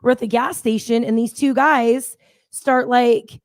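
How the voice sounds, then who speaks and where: A woman's voice: on the high side, fairly even intonation, a little slow. A woman co-hosting a casual chat show, telling stories in a blunt, fiery way. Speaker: co-host.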